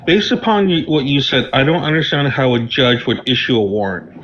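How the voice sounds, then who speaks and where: A man's voice: medium pitch, a little fast, fairly bright tone. A man in a casual conversation, questioning a point in a careful, skeptical way. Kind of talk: casual chat. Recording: dull, slightly noisy line.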